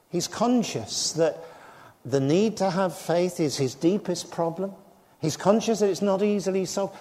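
Older preacher in a reverberant hall. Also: male voice, on the high side, darkish tone. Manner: earnest, acts out quoted dialogue. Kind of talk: sermon.

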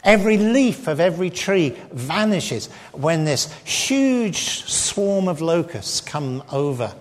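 A man's voice: fairly high pitch, sing-song, slow pace. An English man preaching a sermon, emphatic and sometimes speaking directly to children. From England. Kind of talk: sermon with slides. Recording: long hall reverb.

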